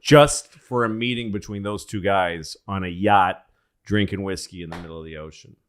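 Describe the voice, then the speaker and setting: A man's voice: deep voice, moderate pace, slight background noise. A man hosting a comedy podcast, telling rambling, profane history stories in a casual way.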